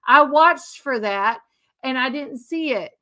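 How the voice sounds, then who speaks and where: A woman with a slightly high voice speaks in a loose, heartfelt monologue. She often breaks off, restarts sentences and repeats herself for emphasis. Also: animated, takes it slowly, bright, forceful tone. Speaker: speaker sharing religious views. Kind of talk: casual emotional monologue.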